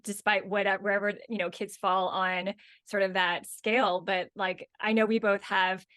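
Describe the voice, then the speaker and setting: A woman in her thirties co-hosts a podcast in a dry, close-miked sound. She has a mid-range voice and tells stories in an expressive, heartfelt way. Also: mid-range voice, moderate pace, dry recording. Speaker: podcast co-host. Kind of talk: casual chat.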